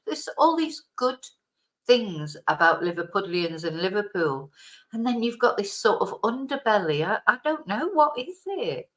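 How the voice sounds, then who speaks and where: A woman's voice: mid-range voice, big pitch swings, normal speed. A woman from Manchester, with a light Manchester accent, chatting casually to camera, rambling and correcting herself as she goes, with a laugh now and then. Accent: Mancunian, softened. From Manchester, England. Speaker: vlogger. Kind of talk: casual chat. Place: home, lives in Spain.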